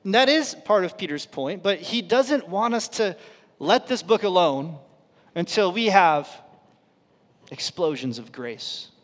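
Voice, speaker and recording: Pastor, man, thirties, fairly high voice, storytelling sermon delivery, long hall reverb. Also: lively intonation, measured pace. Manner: storytelling, dropping to a hush for quoted lines. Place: church auditorium.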